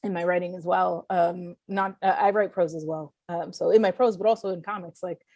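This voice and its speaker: Low, mellow-voiced woman speaking thoughtfully. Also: steady tone, brisk, no room sound. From Puerto Rico. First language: Spanish. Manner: thoughtful, searching, with frequent restarts and fillers. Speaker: guest comics writer. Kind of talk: casual conversation.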